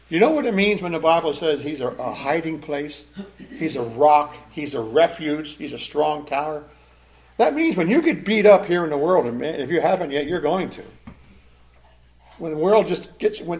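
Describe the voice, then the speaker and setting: A man's voice: on the high side, a little mellow. A man preaching a sermon in an earnest, emphatic way, pressing hard on key phrases. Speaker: pastor.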